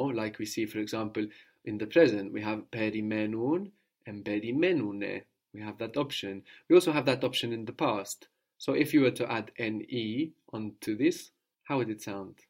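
A man's voice: lowish voice, lively intonation, moderate pace, a little mellow. Guy teaching a language class, patient, walks through grammar bit by bit and quizzes the student. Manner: patient, explains step by step and prompts the learner. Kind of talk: spoken language lesson.

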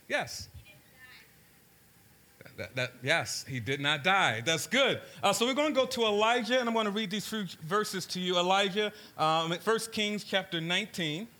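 Guy from baltimore giving a sermon, pretty high pitched, tells stories and keeps asking the crowd stuff. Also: bright, forceful tone. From Baltimore, USA. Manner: engaging, asks the crowd questions; storytelling, shifts pace for emphasis. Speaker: preacher. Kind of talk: sermon to a live audience.

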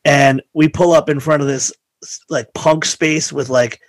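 A man tells a rowdy story in a relaxed podcast chat, swearing freely and slipping into the voices of the people he quotes. His voice sits a little high and sounds close and dry on the mic, with almost no room around it. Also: a little slow, no room sound. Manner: animated, profane, acts out quoted voices.

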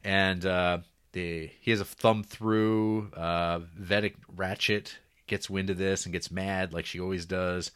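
A man's voice: low voice, little pitch movement, a little slow, few pauses, fairly bright tone, clean tone. A man co-hosting a casual podcast, recapping TV episode plots in a rambling way and laughing often. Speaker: podcast co-host.

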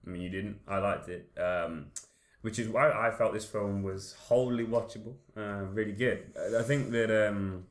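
A man's voice: fairly low pitch, fairly even intonation, normal speed. A man giving a casual, earnest take in a film discussion, hedging and correcting himself as he goes. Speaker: podcast co-host. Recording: echoey room with faint hiss.

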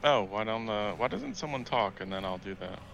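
A man's voice: lowish voice, expressive, fairly quick, gravelly, fairly bright tone. A man co-hosting a casual gaming podcast, speaking dryly and trailing off at the end of lines. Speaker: podcast co-host. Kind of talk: casual chat.

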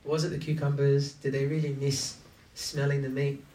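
A man's voice: mid-range voice, monotone, normal speed, warm tone, slight background noise. A man preaching a conversational sermon who keeps asking his listeners questions. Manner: engaging, asks the audience many rhetorical questions. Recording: echoey room, distant from mic.

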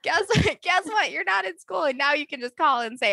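A woman veterinarian chatting casually on a podcast, animated and quick to laugh. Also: high-pitched, gravelly, dry recording. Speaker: veterinarian guest.

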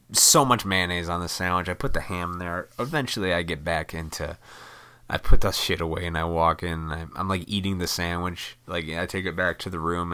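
A man's voice: low voice, bright, forceful tone, clear, resonant tone. A man casually telling a rambling personal story with lots of swearing, and often laughing at himself. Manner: rambling, profane, laughs at his own story.

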